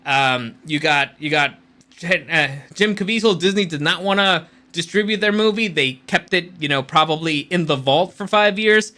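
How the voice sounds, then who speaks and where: A male host of a casual commentary show speaks bluntly and with strong opinions, swearing now and then. His voice is bright, forceful, and slightly high, and he talks at a moderate pace.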